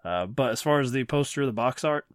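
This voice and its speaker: A man's voice: mid-range voice, lively intonation, fairly quick, no room sound, studio quality. A man hosting a casual film podcast, teasing his co-hosts and laughing often. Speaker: podcast host.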